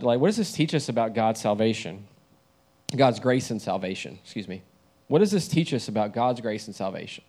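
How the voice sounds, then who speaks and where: A man's voice: mid-range voice, darkish tone. A young man preaching a sermon in a conversational way, often asking the listeners questions.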